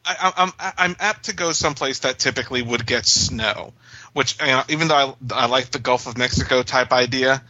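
A man thinks aloud in a casual chat, restarting as he goes. His voice is bright and a little tense. The audio is dry and slightly dull. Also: medium pitch, brisk, no echo.

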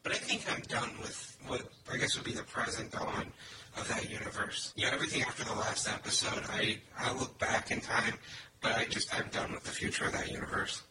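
Podcast guy, lively pitch, lots of noise in the background. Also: brisk. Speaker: podcast co-host. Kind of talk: casual chat.

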